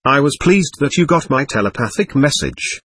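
A man reading the lines of a calm elderly male guru in an audiobook, even and unhurried. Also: mid-range voice, breathy edge, dry recording. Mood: serene.

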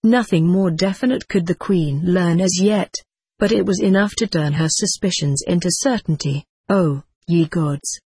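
An audiobook narrator reading a first-person historical tale in a measured, even way. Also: medium pitch, breathy edge, no room sound. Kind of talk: scripted narration.

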